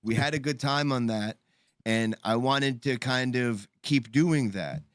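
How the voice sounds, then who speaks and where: A man of middling pitch talks in loose, rambling fashion, stopping and restarting his sentences as he tells a story among friends on a live call-in show. His voice sits close to a dry microphone with almost no room sound. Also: a little slow, a bit bright, no room sound. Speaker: podcast co-host. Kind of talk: casual group chat.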